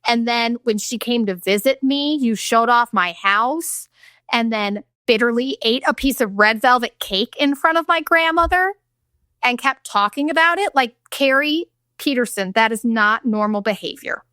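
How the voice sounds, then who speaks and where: Blunt swearing woman hosting her podcast, bright voice, dead dry sound. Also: a little high, moderate pace, no room sound. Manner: blunt, profane, animated retelling with acted-out quotes. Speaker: podcast host. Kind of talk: candid storytelling monologue.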